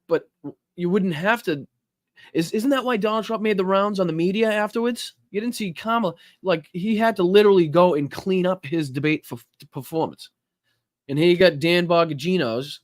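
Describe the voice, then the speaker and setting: A man's voice: fairly high pitch, no room sound, studio quality. A man hosting a political podcast in casual commentary, profane and incredulous, cutting into clips to react. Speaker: podcast host.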